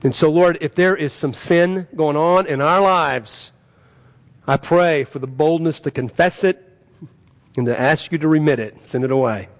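A man's voice: on the high side, unhurried. A man preaching as a pastor and praying in an earnest, pleading way, his emphasis swelling. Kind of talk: sermon and prayer.

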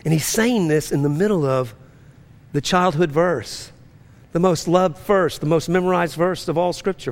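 A man preaching a sermon as pastor to a congregation, swinging between fervent rising lines and hushed, low-key storytelling. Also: moderate pace. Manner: preaching with rising intensity and drops to a near-hush. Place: church.

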